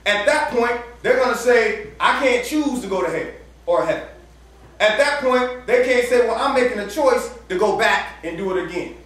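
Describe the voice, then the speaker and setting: A man's voice: very high-pitched, animated, moderate pace, fairly bright tone. A man preaching a sermon in a casual, slang-filled way, acting out little dialogues and laughing often. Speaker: campus minister preaching. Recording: echoey room from far off.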